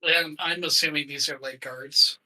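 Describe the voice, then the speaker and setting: A man's voice: a little high, fairly even intonation, normal speed, sharp tone, rough recording. A man playing a tabletop game, asking questions and laughing. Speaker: player. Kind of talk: casual tabletop game play.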